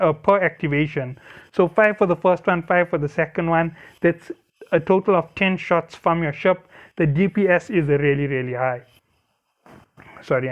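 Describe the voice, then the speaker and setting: A man's voice: on the high side, muffled recording. A man walking through a game ship build in a casual, explanatory way, often correcting himself and apologizing along the way. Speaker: game guide creator.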